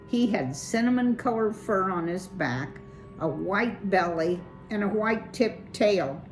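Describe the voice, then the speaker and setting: A woman reading a children's chapter book aloud in a measured, expressive way. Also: mid-range voice, soft background music, poor audio. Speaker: children's story reader.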